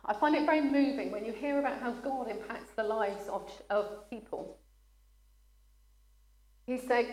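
A woman's voice: on the high side, a little mellow. A woman preaching a sermon, speaking earnestly and at times choking up and apologizing. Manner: earnest, gets emotional and pauses to apologize. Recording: echoey room.

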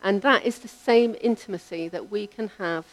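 A woman preaching a sermon, in a measured, reflective delivery whose line ends trail off softly. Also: mid-range voice.

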